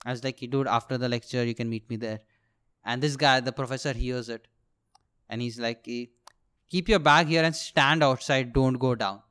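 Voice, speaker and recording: A young man with an Indian English accent, a podcast host and aspiring comedian who tells a story in a comedic monologue. He is animated, swears freely and laughs at his own jokes. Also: medium pitch, clean tone.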